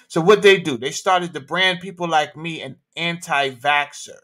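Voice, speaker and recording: A man's voice: a little high, normal speed, hardly any pauses, pushed and bright. A man hosting a livestream, talking in an emphatic, slangy way full of rhetorical questions. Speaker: livestream host. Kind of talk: animated opinion talk.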